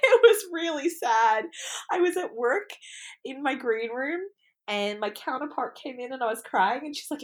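A woman co-hosting a podcast, chatting casually and bluntly, quick to jump to over-the-top jokes. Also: sits high, lively intonation. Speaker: podcast co-host. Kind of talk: casual chat.

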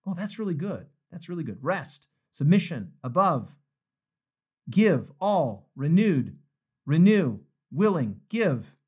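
A man's voice: on the high side, sing-song, slow pace, darkish tone, husky. A male pastor hosting a live-streamed book study. He reads viewer comments aloud, reacts to them cheerfully, and closes with an earnest prayer. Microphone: phone livestream.

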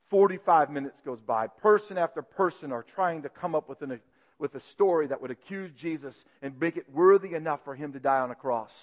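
A man preaching, retelling a story vividly and swinging between loud and hushed passages. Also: a little high, long reverb tail, highs cut off. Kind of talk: dramatic sermon storytelling.

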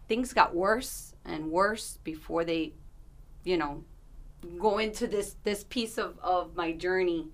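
A woman's voice: on the low side, takes it slowly. A woman in her thirties, an interview guest, telling a personal story in an earnest, candid way, with restarts and asides.

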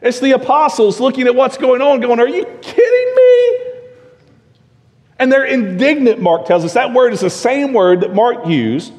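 A male pastor preaching a sermon, emphatic, full of rhetorical questions, swinging between loud and hushed. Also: extremely high pitch, moderate pace, hardly any pauses. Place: church sanctuary. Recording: long reverb of a church sanctuary.

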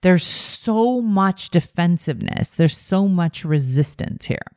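A woman hosting a podcast as a life coach, teaching in a calm, emphatic monologue with repeated phrases. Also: fairly low pitch, takes it slowly, no room sound, studio quality.

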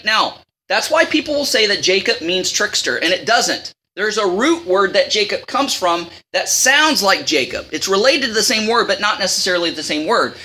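Lively, bright-voiced woman teaching the Bible. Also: medium pitch, moderate pace, few pauses. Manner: casual and chatty, reads scripture and acts out the lines.

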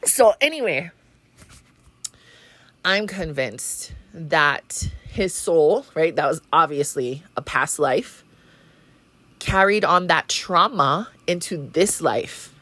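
A woman's voice: low-pitched, animated, takes it slowly, fairly bright tone, no echo. A woman, hosting a podcast and telling a story in a casual way. She talks freely, swears, laughs often and says "you know" a lot. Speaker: podcast host.

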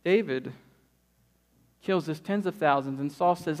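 A man in his thirties preaching a sermon, telling stories and acting out quotes with lively energy. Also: fairly high pitch, unhurried. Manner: lively storytelling, acts out quotes. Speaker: pastor.

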